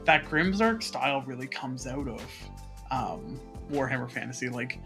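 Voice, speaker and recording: A man's voice: medium pitch, animated, moderate pace, music in the background. A man co-hosting a casual hobby podcast, musing thoughtfully and rambling with many fillers. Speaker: podcast co-host.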